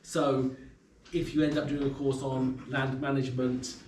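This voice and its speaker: A man's voice: mid-range voice, flat delivery, moderate pace, a little mellow. A man chairing a club meeting in a pub room, introducing people informally and hesitantly with many ums. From England. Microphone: far camera. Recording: roomy, distant, faint room noise.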